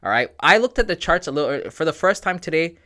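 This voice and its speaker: A man's voice: a little high, very animated, fast, pushed and bright. Laid-back slangy man hosting a livestream. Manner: laid-back, joking, reads chat aloud, slangy. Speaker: livestream trading host. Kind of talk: casual livestream chat with viewers.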